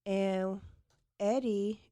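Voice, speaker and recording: A woman's voice: mid-range voice, steady tone, very slow, warm tone, clear, resonant tone, no echo, studio quality. A woman hosting a podcast, casually retelling a true-crime case and saying "like" often. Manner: chatty, fills with "like" often. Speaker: podcast host.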